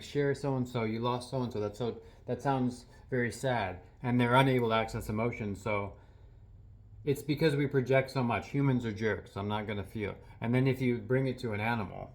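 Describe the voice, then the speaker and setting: Soft-spoken earnest man, mid pitch. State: a little teary. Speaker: healing practitioner. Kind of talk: reflective monologue to camera.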